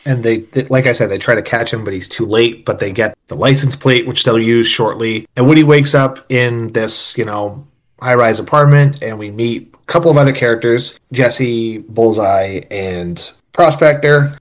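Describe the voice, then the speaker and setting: A man's voice: mid-range voice, moderate pace. A man talks through a film's plot in a casual podcast conversation. His delivery is chatty and opinionated, with blunt asides dropped between plot points. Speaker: podcast co-host. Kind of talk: casual film discussion.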